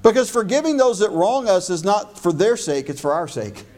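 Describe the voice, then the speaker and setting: A man with a high voice preaches a sermon. His delivery is emphatic, and he slows and stresses his key phrases. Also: very animated, darkish tone. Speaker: pastor.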